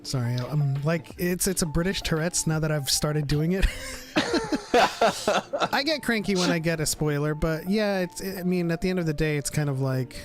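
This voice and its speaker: A man's voice: fairly high pitch, normal speed, soft background music. An American man hosting a casual livestream podcast, chatting loosely and greeting viewers. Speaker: podcast host.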